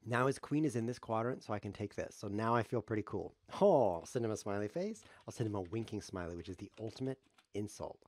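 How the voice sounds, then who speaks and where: A man's voice: on the low side, fast, a little mellow, no room sound. A man giving rambling, jokey live commentary on his own chess game, thinking aloud as he streams.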